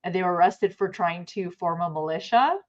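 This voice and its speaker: A woman's voice: fairly low pitch, a little fast, a little mellow, muffled recording. A Canadian woman co-hosting a live stream, chatty and teasing in casual conversation. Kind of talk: casual chat.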